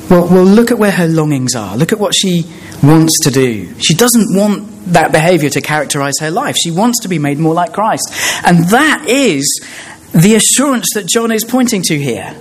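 A man preaching a sermon, explaining a passage in a measured way with frequent hesitations and restarts. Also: fairly high pitch, lively intonation, breathy edge.

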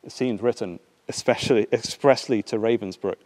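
A man preaching a sermon and reading a passage aloud, in a measured, unhurried way with some halting fillers. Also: lowish voice, a little mellow. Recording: long reverb in a large hall.

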